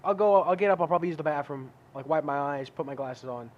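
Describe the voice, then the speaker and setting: A man co-hosting a casual podcast chat, telling lively stories, acting out his own outbursts and swearing freely. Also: a little high, fast, lo-fi sound. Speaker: podcast co-host.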